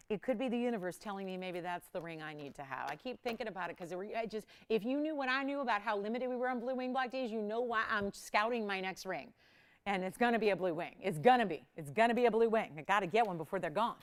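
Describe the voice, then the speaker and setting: A woman hosting a live jewelry shopping auction, chatting casually with viewers and crew and laughing often. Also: fast talker. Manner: chatty, laughs often, lively swings in pitch and volume.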